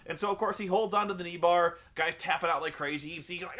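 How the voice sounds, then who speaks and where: A man's voice: fairly high pitch, quick pace, few pauses, fairly bright tone. A young man recapping a wrestling show in a sarcastic, profane, rambling comedic commentary.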